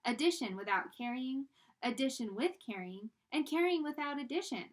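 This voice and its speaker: A woman's voice: high-pitched, animated, normal speed, voice pushed up. Woman doing a strict, stern schoolteacher. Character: strict female schoolteacher with a yardstick.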